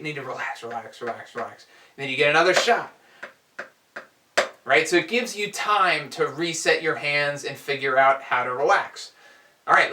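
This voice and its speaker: A man teaching a drum lesson, explaining strokes in a relaxed way and counting aloud as he demonstrates. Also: fairly high pitch, noisy background. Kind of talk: instructional explanation. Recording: echoey room, heard from a distance.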